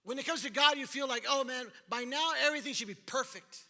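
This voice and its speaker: Preaching at a quick pace, a pastor with a remarkably high and bright voice animatedly plays the figures from the scripture story. His sermon echoes with the lengthy reverb of a big church hall.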